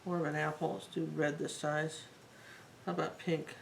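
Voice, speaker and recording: A woman's voice: low-pitched, level tone, normal speed, gravelly, a little hiss or hum, low-quality recording. A woman teaching a live painting tutorial, talking in a chatty and rambling way as she works. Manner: chatty, rambling and warmly enthusiastic. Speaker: art teacher.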